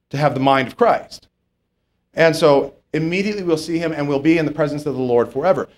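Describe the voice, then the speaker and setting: High-voiced male preacher, conversational. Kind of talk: sermon.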